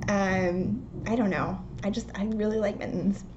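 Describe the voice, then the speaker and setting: A woman's voice: mid-range voice, fairly even intonation, moderate pace, darkish tone, dull audio. Rambling, chatty young woman podcaster. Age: young adult. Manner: chatty, rambling, frequent ums. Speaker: knitting podcast host. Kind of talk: casual chat. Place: home, indoors. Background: faint outdoor work noise.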